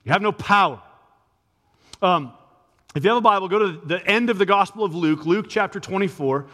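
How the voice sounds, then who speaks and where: Man, pastor, sermon, high voice, conversational with emphatic peaks, long hall reverb. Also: brisk, bright, forceful tone.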